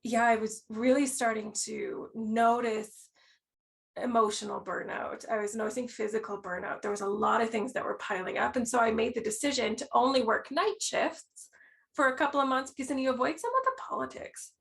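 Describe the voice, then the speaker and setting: A woman in her thirties tells her story as a podcast guest, her voice sitting a little high and full of gravelly fry. She talks in a casual, animated way. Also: normal speed. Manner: animated, acts out quoted reactions.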